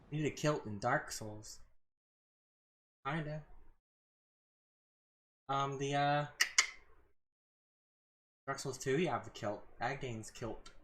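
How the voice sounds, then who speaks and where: A man's voice: mid-range voice, slow pace, long pauses, fairly bright tone, a little hiss or hum. A man streaming a live game session, reading chat aloud and reacting casually to the fight.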